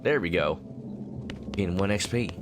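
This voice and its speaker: A man's voice: low-pitched, measured pace, over music. A male game streamer reading game text aloud and joking, slipping into a mock southern drawl.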